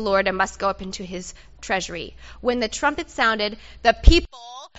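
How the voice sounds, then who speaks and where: A woman leading a playful, animated sermon, directing her audience through a Bible story and doing sound effects. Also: medium pitch, normal speed, hardly any pauses, lo-fi sound. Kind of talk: lively sermon with audience participation.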